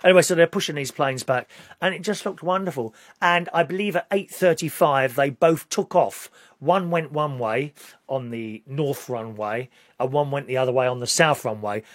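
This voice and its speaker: A man's voice: medium pitch, moderate pace, no echo, clean studio sound. A man with a British accent talking casually to camera in a rambling, opinionated way, now and then rising to indignant outbursts. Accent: British English. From Britain. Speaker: vlogger.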